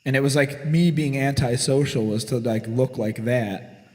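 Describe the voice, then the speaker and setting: A forty-year-old man trades loud, profane tales with his friends in a garage podcast. His voice sits at an ordinary middle pitch, and it carries a long, ringing reverb. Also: normal speed. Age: 40s. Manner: profane, boisterous, swaggering. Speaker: podcast co-host. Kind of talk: casual storytelling chat.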